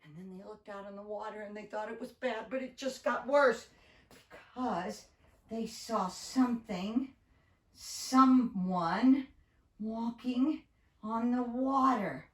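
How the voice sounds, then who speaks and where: Woman storyteller, children's Bible story, animated, slow pace, roomy echo from a distant mic. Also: on the high side. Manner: animated, talks straight to the children.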